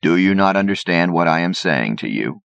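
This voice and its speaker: A man's voice: sits low, expressive, vocal fry, dry recording, pitched above the performer's own voice. A man playing a stentorian, pompous God. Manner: stentorian, archaic, slow and solemn. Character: stentorian, pompous male God, losing control.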